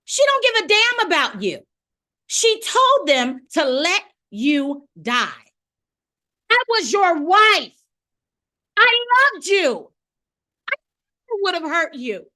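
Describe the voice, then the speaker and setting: A woman playing a bitter betrayed wife, high and bright. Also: big pitch swings, slow, pauses often, exaggerated voice. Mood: bitter, accusing. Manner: accusing, raw, swings between quiet and shouting. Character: betrayed, bitter wife confronting her unfaithful husband. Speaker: acting student performing a monologue. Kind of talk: dramatic film monologue performance. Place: home via video call. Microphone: video call microphone.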